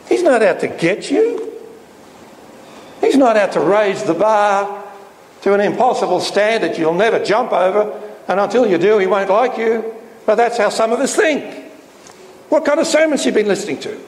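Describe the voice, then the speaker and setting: A man's voice: very animated, normal speed, pauses often. Emphatic male preacher in an echoey hall. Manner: emphatic, rhetorical questions, pitch swinging up and down. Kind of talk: sermon. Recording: echoey hall with faint noise.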